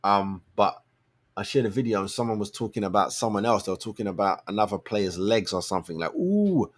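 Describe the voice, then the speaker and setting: Talking fast, a show host with a husky voice delivers a casual opinion rant that's animated, blunt, and full of slang, veering from quiet muttering to loud outbursts.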